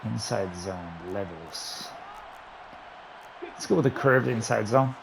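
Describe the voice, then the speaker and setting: A man giving running commentary while playing a football video game, excitedly talking through his play calls to himself. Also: lowish voice, slow pace, vocal fry, background noise. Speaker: gaming YouTuber. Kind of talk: live gameplay commentary.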